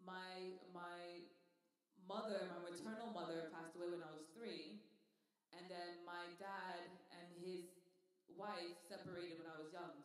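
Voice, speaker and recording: Chatty Manchester speaker in an echoey hall. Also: medium pitch. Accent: Manchester English. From England. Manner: chatty, frequent "um" and "like" fillers. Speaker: interview guest. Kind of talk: casual interview talk. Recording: echoey hall, distant mic.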